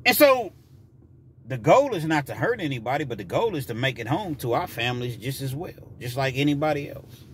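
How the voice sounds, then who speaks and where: A man telling a story from his own life in a vlog, talking freely with frequent restarts and jumping into loud, high voices to act out what people said. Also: very animated, fairly quick, a little hiss or hum. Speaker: vlogger telling a personal story.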